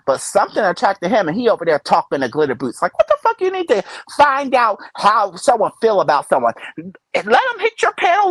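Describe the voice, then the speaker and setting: A woman streamer giving gossip commentary, ranting and cursing heavily and laughing loudly at her own stories. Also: mid-range voice, no echo. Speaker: live streamer.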